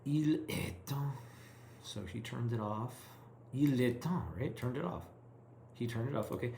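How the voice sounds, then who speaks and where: An English-speaking man practicing French, reading a story aloud slowly, stopping to translate and think through each line in English. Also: medium pitch, mellow, echoey room, slight background noise. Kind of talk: self-recorded reading practice.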